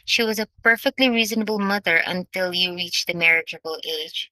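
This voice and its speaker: Brief: a woman doing a sly, teasing young gentleman with a dry, bright tone, audiobook. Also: lowish voice, fairly quick, no echo, rough recording. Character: teasing wry young gentleman, eldest brother.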